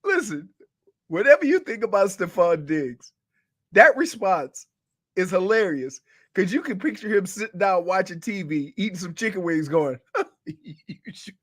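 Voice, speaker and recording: A man hosting sports talk radio, animated and emphatic, laughing often and repeating himself as he makes his point. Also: sits high, normal speed.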